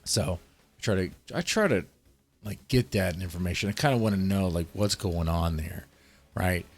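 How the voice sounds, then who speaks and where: Low-voiced man explaining casework. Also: moderate pace. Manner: walks through interview questions step by step, thinking aloud. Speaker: child protective services caseworker. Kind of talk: casual explanation.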